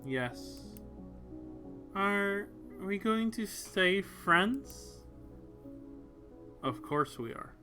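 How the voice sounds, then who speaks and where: A man voicing a gentle, reserved young woman who answers quietly and reassuringly. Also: high-pitched, expressive, drawn-out words, long pauses, faint music behind, voice pushed up, full character voice.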